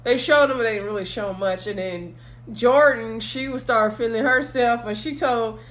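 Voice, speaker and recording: A woman's voice: on the high side, moderate pace, fairly bright tone. Chatty woman recapping a TV episode. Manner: chatty storytelling, acting out quotes; laughs often while telling. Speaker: TV episode reviewer.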